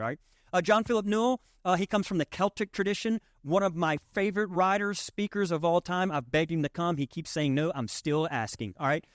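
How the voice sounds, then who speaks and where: A man's voice: fairly high pitch, dry recording, studio quality. A man preaching a sermon as pastor, conversational and emphatic, with rhetorical questions to the congregation. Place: church sanctuary.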